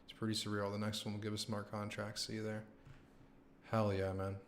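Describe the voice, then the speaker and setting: A young man hosting a live stream, chatting casually with his viewers, excited and slangy, swearing and saying "man" and "dude" a lot. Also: lowish voice, a little fast, a little hiss or hum. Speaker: livestream host.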